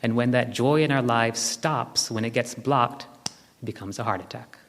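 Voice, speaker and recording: A man's voice: medium pitch, normal speed, a bit bright. A man leading a spiritual retreat talk, speaking earnestly and directly to his listeners, repeating key phrases. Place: retreat hall. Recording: long hall reverb.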